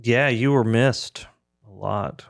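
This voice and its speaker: A man's voice: medium pitch, slow, vocal fry, no room sound, studio quality. A man hosting a podcast in loose casual chat, wandering through his thoughts as he talks. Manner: rambling, full of restarts and fillers. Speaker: podcast host.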